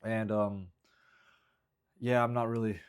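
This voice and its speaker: A man in a casual vlog, talking haltingly about his stand-up material and second-guessing his own jokes. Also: on the low side, flat delivery, clear, resonant tone. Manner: halting, rambling, self-critical, frequent restarts. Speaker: stand-up comedian.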